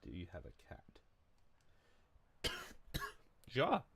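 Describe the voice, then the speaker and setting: A man's voice: low voice, wildly swooping pitch, extremely slow, vocal fry, a bit bright, husky. A man streaming a game, chatting casually in a rambling, joking way, mocking himself and swearing freely. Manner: loose, wandering talk with restarts. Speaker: gaming streamer.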